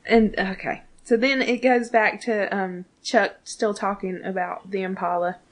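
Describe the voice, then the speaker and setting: A woman chatting casually about a favorite series, animated and loose with swear words. She often breaks into quick impressions of the characters. Her voice sits at an ordinary middle pitch. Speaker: podcast co-host. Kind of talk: casual recap chat.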